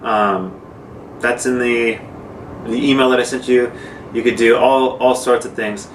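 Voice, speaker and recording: A man gives a laid-back drum lesson, explaining strokes in plain, informal words. His voice sits at an ordinary pitch and is picked up from across an echoey room, with noise in the background. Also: a little slow. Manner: relaxed, informal, with fillers and demonstrations. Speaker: drum teacher. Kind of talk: casual instructional talk. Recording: echoey room, mic far off, noisy.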